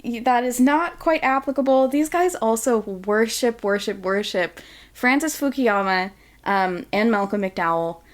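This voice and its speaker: A woman's voice: fairly high pitch, animated, a little slow. A woman chatting casually on a podcast, often laughing and putting on mocking voices. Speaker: podcast guest.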